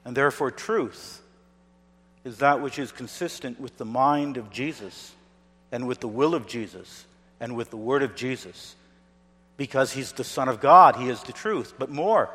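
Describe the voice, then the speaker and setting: A man preaching a sermon as a pastor, emphatic and swinging between hushed, low passages and loud declarations. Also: measured pace. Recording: long reverb of a large hall.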